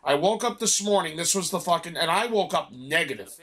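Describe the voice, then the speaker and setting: A man talks with a friend in a loose, casual way while he plays a video game. His voice sits high and sounds sharp and bright. He tells his story with animated energy and curses freely. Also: a little fast. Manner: animated storytelling, heavy swearing. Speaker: gamer chatting while playing. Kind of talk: casual chat.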